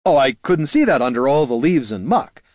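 A man voicing a loud, hearty human warrior who talks in a raised, boisterous voice. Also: medium pitch, big pitch swings, normal speed, no echo, studio quality, lightly acted. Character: hearty rank-three human warrior, stout.

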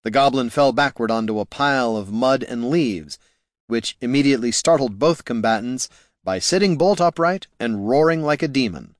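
A man reads a comic fantasy audiobook in a wry, measured manner. His voice sits at a middle pitch and the recording is close and dry, with no room sound. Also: lively intonation, no echo. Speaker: narrator. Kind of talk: audiobook narration.

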